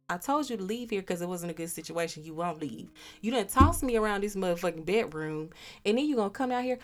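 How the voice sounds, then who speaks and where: A woman's voice: lowish voice, lively intonation, fairly quick, soft background music. A young woman hosting a podcast, candidly retelling a personal story with profanity and acted-out dialogue. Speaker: podcast host.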